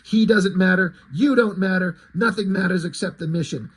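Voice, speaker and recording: A man voicing a grim, brooding male vigilante in a tense inner monologue, with a husky voice. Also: sits high, moderate pace. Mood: brooding, tormented. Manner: intense muttered inner monologue.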